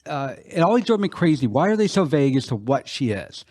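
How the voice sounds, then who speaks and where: A man's voice: a little high, very animated, a little fast, darkish tone, no echo. A male podcast co-host speaks in a reflective, conversational way. He drops dry little asides into a casual film chat.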